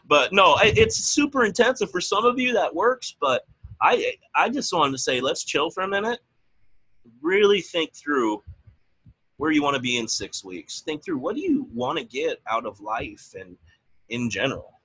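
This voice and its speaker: A man co-hosting a motivational team call, animated, with his pitch leaping up when he gets excited. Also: moderate pace, slightly rough, rough recording. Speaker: coach and co-host.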